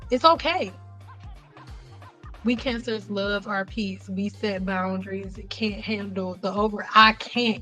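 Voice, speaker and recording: A young woman with a medium-pitched voice hosts a casual livestream chat, speaking bluntly, swearing a lot, and telling animated stories. The sound is lo-fi.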